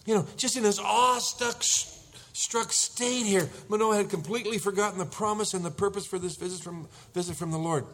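A middle-aged pastor with a high, brisk, fairly bright voice preaches a sermon. He tells the story with animation, acting out panicked husbands.

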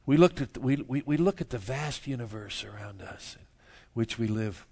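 A man preaching a sermon, moving from quiet, low stretches to loud, emphatic bursts and chuckling at his own jokes. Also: expressive, normal speed, creaky, slightly rough. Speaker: pastor.

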